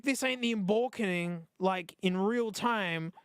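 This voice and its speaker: An Australian man unboxing and testing old-style phones in casual, excitable commentary, wry and laughing often. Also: high voice, unhurried, clean tone, dry recording. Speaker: streamer reviewing phones.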